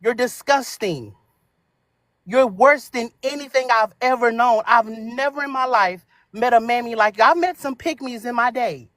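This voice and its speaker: A woman on a live audio panel debate, taunting and hurling slow, drawn-out insults. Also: fairly high pitch, fairly bright tone, no echo. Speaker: panel speaker.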